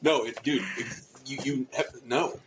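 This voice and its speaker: A man's voice: mid-range voice, steady tone, measured pace, background noise. A man co-hosting a casual podcast, telling a rambling story with casual swearing and lots of restarts. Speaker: podcast co-host.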